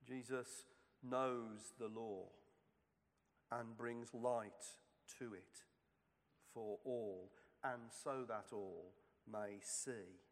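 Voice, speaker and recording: Male preacher, unhurried and measured, long reverb behind him; sermon reading. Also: mid-range voice. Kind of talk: sermon reflection.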